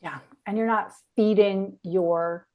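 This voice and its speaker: A woman's voice: mid-range voice, steady tone, slow, highs cut off. A woman hosting a podcast interview, affirming and encouraging her guest. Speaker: podcast host. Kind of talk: casual interview.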